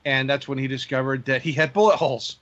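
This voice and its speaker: A man hosting a drone news segment, reading stories in a measured way with frequent fillers. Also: medium pitch, steady tone, fairly bright tone, highs cut off. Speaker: news host.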